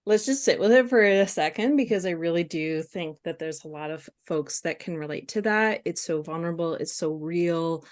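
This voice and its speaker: A woman speaking candidly as a webinar guest, halting with fillers and restarts. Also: fairly low pitch. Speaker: guest speaker on compassion fatigue. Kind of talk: casual webinar conversation.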